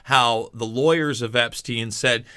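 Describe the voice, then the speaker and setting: A man's voice: medium pitch, a little slow, sharp tone, smooth. A man hosting an interview, emphatically summing up points for the audience. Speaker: interview host. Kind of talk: interview conversation.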